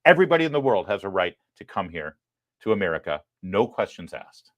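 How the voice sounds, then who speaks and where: A man hosting a live political commentary show, talking in a sarcastic, emphatic way with quick apologetic asides. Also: low-pitched, very animated, dry recording. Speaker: host.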